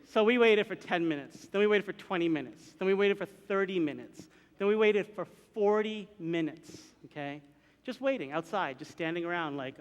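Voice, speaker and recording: A man telling a personal story to a live audience, animated and acting out the voices and sounds in it. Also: high voice, moderate pace. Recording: long hall reverb.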